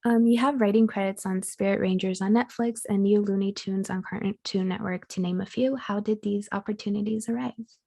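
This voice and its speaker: A woman's voice: medium pitch, fairly even intonation, moderate pace, vocal fry, mellow. A woman co-host asking an interview guest about his career. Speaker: podcast co-host. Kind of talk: interview questions.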